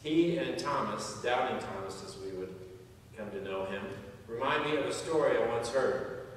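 A man's voice: medium pitch, lively intonation, normal speed. Guy pastor giving a sermon w jokes and little stories, big echoey hall, mic kinda far off, faint hum behind. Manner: storytelling with jokes, acts out quoted voices. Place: large church sanctuary. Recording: echoey church hall heard from afar.

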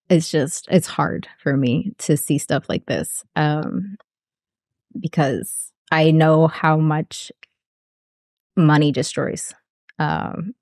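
A woman reacting to a music video in casual commentary, halting and emotional, with many fillers and apologies. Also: deep voice, darkish tone, dry recording, clean studio sound. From grew up poor.

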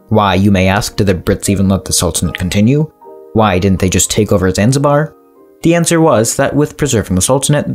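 A man reads a scripted history explainer in a lively, swooping voice. He keeps stepping out of the story with wry asides to the viewer. Faint music plays softly underneath. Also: fairly low pitch. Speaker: narrator of a history explainer channel. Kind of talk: scripted narration.

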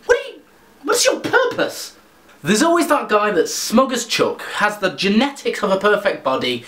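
A man's voice: sits high, a bit bright, roomy sound. Sweary, sarcastic man ranting. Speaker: vlogger. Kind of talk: comedic rant vlog.

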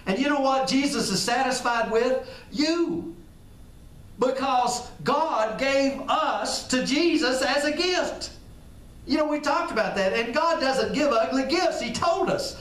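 In an echoey room, far from the mic, a pastor delivers a casual, conversational sermon in an extremely high, fairly bright voice. He acts out little dialogues and repeats phrases to stress them.

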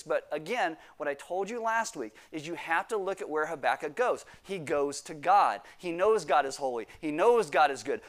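A pastor preaching a sermon, reading scripture and acting out quoted prayers with sudden bursts of emphasis. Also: male voice, a little high, a bit bright.

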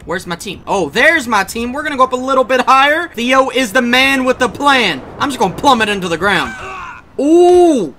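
A man giving excited gameplay commentary, shouting and reacting fast as he plays. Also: very high-pitched, a little hiss or hum. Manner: hyped, shouting at the game, quick reactions. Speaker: gaming YouTuber.

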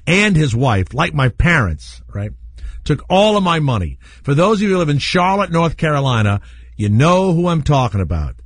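A man hosting a talk radio show, rambling through candid stories and laughing at his own dark jokes. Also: on the high side, very animated, normal speed, slightly rough. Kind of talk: storytelling talk radio chat. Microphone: studio microphone.

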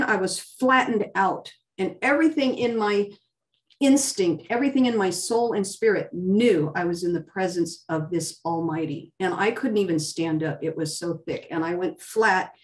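A woman gives an emotional personal testimony in a fervent voice, often restarting herself and lifting her pitch for emphasis. Her voice sits in a middle range and is picked up from a little way off the mic. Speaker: guest sharing a testimony. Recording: voice distant from the mic.

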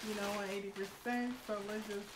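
A young woman vlogger chatting excitedly to her viewers, slangy, and quick to laugh. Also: mid-range voice. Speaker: beauty vlogger. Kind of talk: casual unboxing chat to viewers. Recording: roomy echo, faint noise.

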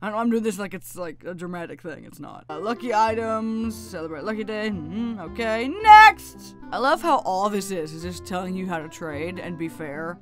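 A woman giving casual gameplay commentary, chatty and excitable with frequent laughs, her voice still groggy and lower than usual from just waking up. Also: brisk, hardly any pauses, faint music behind. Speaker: gaming YouTuber.

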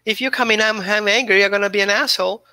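A blunt, threatening male dog snaps back in a raised, bright, tense voice, as a man puts him on. The sound is dry and close. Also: sits high, steady tone, fast, dry recording, pitched above the performer's own voice, heavily acted. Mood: defiant. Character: defensive angry male dog.

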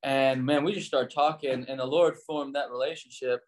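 With a mid-range voice at normal speed, an American pastor who used to be a missionary tells stories casually during an interview. He performs the quoted dialogue animatedly, lifting his voice for those parts.

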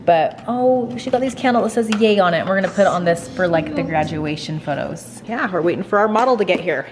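A woman's voice: on the low side, over music. A woman in her forties, a mother, chatting casually and upbeat as she films a family vlog at home on a phone. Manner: chatty, upbeat, fast asides.

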